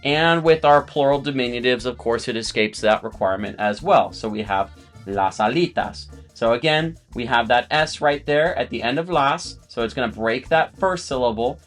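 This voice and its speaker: A man's voice: medium pitch, normal speed, fairly bright tone, soft background music. A man teaching a language lesson to viewers in a chatty, explanatory way, with friendly asides and repeated words.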